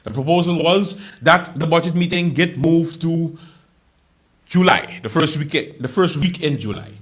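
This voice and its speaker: A man hosting a late night comedy show, delivering a joking monologue with loud outbursts, laughter and quiet asides. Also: a little slow. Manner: animated, laughing, swings between loud outbursts and low asides.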